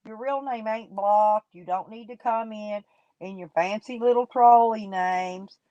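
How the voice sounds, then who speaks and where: A woman's voice: medium pitch, measured pace, warm tone, no room sound, muffled recording. Folksy woman gossiping on a live stream. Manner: gossipy, greets chat viewers by name; folksy, colloquial talk. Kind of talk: casual live stream chat.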